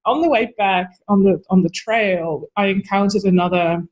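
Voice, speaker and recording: Woman guest on a podcast, animated storyteller, quick to laugh. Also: mid-range voice, lo-fi sound. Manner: animated, laughs often while telling a story. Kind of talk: conversational storytelling.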